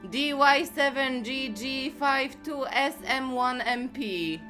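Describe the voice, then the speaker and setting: A woman streamer with a high voice chats at a relaxed, slow pace while still out of breath. She greets viewers one by one and giggles easily. Faint music plays behind her. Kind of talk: casual live stream chat.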